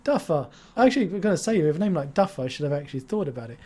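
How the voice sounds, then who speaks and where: A man's voice: on the high side, big pitch swings, very fast, mellow. Chatty, jokey male stream host. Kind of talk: casual live-stream interview.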